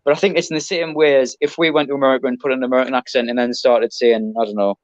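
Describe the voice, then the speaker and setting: A man's voice: medium pitch, steady tone, racing, no echo, dull audio. A man with an English accent, a podcast guest, chatting casually and rambling with lots of ums and restarts. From Britain. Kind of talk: casual chat.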